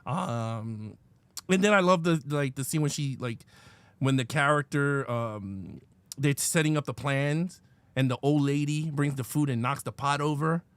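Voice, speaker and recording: A man co-hosting a casual live film review, talking fast and loose and laughing a lot. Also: medium pitch, clean tone, dry recording. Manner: animated, laughing often, reenacts movie lines. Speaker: co-host.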